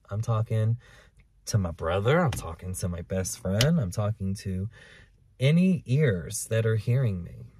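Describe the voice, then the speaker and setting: A man in the middle range of pitch talks to his camera in a park, baring his feelings with plenty of cursing. He moves from loud outbursts to quiet, hushed admissions. The sound is dry, with no room echo. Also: breathy edge. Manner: candid, profane and emotional, swinging between loud and hushed. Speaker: podcast host. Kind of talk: confessional solo podcast monologue. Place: outdoors in a park. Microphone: camera recording him.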